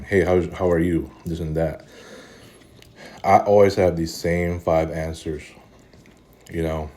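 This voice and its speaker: A man vlogs casually, sounding weary and rambling, with many fillers and restarts, and eats between sentences. His voice sits low and is a little mellow.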